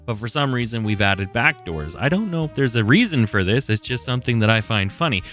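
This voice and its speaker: A man's voice: mid-range voice, sing-song, a little fast, fairly bright tone, soft background music. A man with a speech impediment commenting casually over gameplay, rambling with joking asides. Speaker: gaming video host. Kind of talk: casual let's-play commentary.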